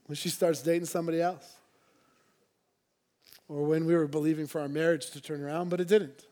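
A man's voice: a little high, steady tone, moderate pace, long pauses, warm tone. A man preaching a sermon to a church congregation, earnest and conversational, with playful asides. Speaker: pastor.

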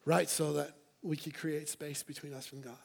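A man's voice: on the high side, level tone, normal speed, gravelly, a little mellow, breathy edge. A man preaching a sermon to a church congregation, earnest and conversational, with playful asides. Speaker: pastor.

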